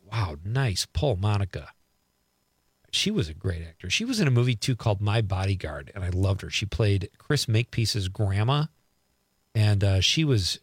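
A man's voice: on the low side, breathy edge, dry recording. A middle-aged man hosting a radio show, chatting casually as he reads listener texts aloud and riffs on each one.

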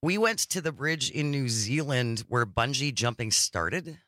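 Lively bright-voiced male radio co-host. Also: mid-range voice, measured pace, no echo, studio quality. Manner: chuckling, storytelling. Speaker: radio talk show co-host. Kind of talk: casual radio chat.

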